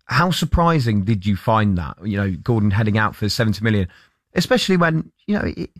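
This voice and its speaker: A man hosting a sports radio show, firing off questions and building his points with quick asides. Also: lowish voice, very animated, dry recording, studio quality.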